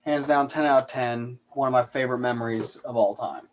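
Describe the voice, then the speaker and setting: A man's voice: medium pitch, brisk, a little hiss or hum. A man chatting casually on a live stream, answering viewer questions and telling rambling, sarcastic stories.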